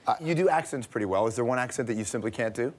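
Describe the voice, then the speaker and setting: A man from Canada hosting a talk show, asking quick, casual questions. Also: medium pitch, lively intonation. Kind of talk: interview questions.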